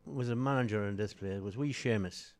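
An older man, a guest musician, telling lively anecdotes in casual chat and swearing freely. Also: fairly low pitch, brisk.

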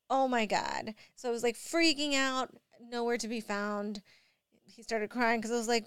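A young woman and mother telling a rambling, animated story full of fillers, sounding drowsy. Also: on the high side, moderate pace, clear, resonant tone, no echo, studio quality. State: drowsy from allergy medicine. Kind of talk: casual storytelling vlog.

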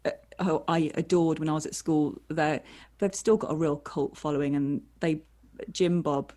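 A woman's voice: sits low, steady tone, normal speed, mellow. A woman from England, a podcast guest telling rambling, self-deprecating stories and acting out what people said. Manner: rambling, self-deprecating storyteller with acted-out quotes. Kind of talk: casual anecdotal chat.

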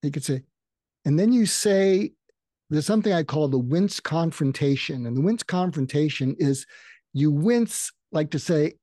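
An older man talks through advice in a relaxed, mellow voice, now and then acting out sample lines with a lift in pitch. The recording is close and dry, with no room sound around him. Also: normal speed, no echo. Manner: explanatory, acts out sample lines in a raised voice. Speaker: psychiatrist guest. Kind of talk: conversational advice in a podcast interview.

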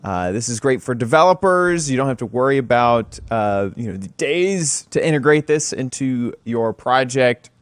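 A male podcast host with a middle-pitched voice, recorded close and dry with no room sound. He talks in a halting, casual way, full of fillers and restarts, even while he reads a sponsor spot. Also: dry recording. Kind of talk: casual podcast chat with read ad.

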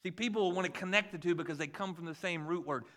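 Talking fast in a voice that sits high, this forties-aged pastor preaches with animated, conversational energy and works in jokes about his children.

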